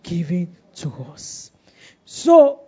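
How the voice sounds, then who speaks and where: Emphatic woman preacher, husky voice. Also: on the low side, sing-song, drawn-out words, warm tone. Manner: call-and-response questioning, emphatic. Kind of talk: sermon. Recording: dull lo-fi recording.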